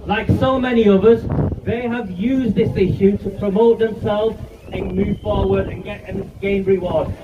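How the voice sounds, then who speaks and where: Man in his fifties, forceful angry rally speech, high voice, heard from a distance, dull muffled sound. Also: steady tone, normal speed. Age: 50s. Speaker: campaigner speaking at a rally. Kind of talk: outdoor protest speech. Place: outdoor street rally. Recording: distant, muffled, noisy outdoor recording.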